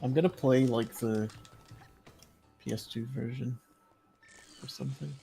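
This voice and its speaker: A man's voice: mid-range voice, steady tone, measured pace, gravelly, dark tone, soft background music. A man streaming a video game, chatting casually, explaining at length and laughing often. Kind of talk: casual chat while gaming.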